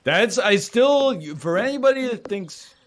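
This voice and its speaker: A man's voice: very high-pitched, expressive, measured pace, slight background noise. A man streaming games, chatting casually in a wry, mock-aggrieved rant. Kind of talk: casual chat.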